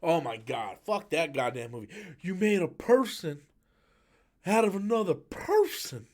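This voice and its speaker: A man's voice: a little high, moderate pace. A man ranting on a live stream about a film he hates, swearing often and mocking its lines in exaggerated voices. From United States. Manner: profane, exasperated ranting with mocking quotes. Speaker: YouTube movie commentator.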